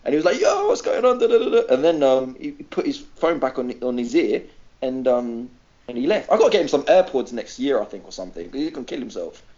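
A man's voice: mid-range voice, fairly quick, highs cut off. A man co-hosting a podcast, telling a funny story in casual chat, acting out voices and laughing often. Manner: animated, acts out quoted voices, laughs often. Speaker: podcast co-host.

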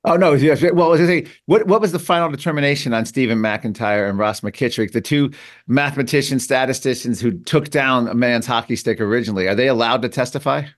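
A male host who talks fast and presses his guest with pointed questions. His voice sits at an ordinary middle pitch for a man. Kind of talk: interview questions.

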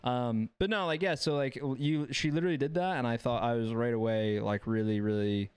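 Smooth-voiced earnest young man. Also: medium pitch, steady tone, a little fast. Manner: rambling, filler-heavy, earnest. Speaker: podcast co-host, former Halo player. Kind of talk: casual chat.

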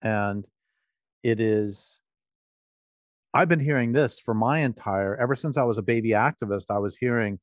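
A man's voice: lowish voice, normal speed, pauses often, no echo, clean studio sound. A man hosting a radio show, speaking in an impassioned, emphatic way. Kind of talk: casual conversation.

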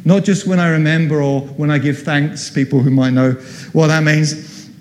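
A middle-aged man with a slightly high voice gives a sermon at normal speed with fairly even intonation, his raised voice echoing with long reverb through a church hall. He animates the story and takes on the voices of those he quotes.

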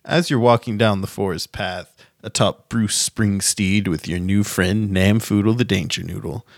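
Man, game master, low voice, dry sound, steady storytelling. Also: moderate pace, vocal fry, no room sound. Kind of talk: narrating a tabletop game.

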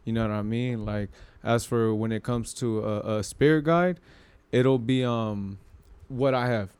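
A man's voice: mid-range voice, unhurried, darkish tone, smooth. A man casually telling about odd things seen while smoking, in rambling slang full of fillers. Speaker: guest telling ghost stories. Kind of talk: casual storytelling.

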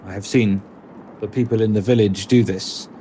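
A man voicing a wary young male druid who shifts shape and is awkward with people, speaking slowly and carefully. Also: lowish voice, steady tone, dark tone, slight background noise, natural voice. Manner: slow, careful, halting speech.

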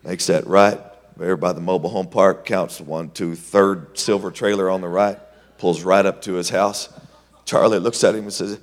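A man preaching a sermon, telling a story in an animated way, swinging between loud and hushed passages. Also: sits low, moderate pace. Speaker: pastor. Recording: long hall reverb.

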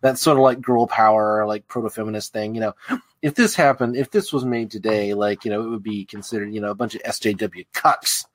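A man's voice: on the low side, fairly even intonation, fairly quick, no echo. Rambling man in casual film chat. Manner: rambling, hedging with "like" and "you know". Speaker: podcast co-host.

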